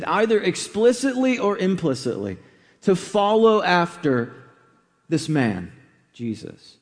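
A man preaching a sermon, conversational and unhurried, with fillers and restarts. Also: high-pitched, darkish tone, in a large hall.

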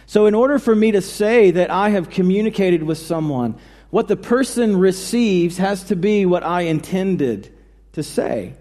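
Male preacher, mellow tone, informal sermon delivery with hesitations; recorded with long hall reverb. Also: sits high, lively intonation. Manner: conversational, halting with fillers and restarts. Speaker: pastor.

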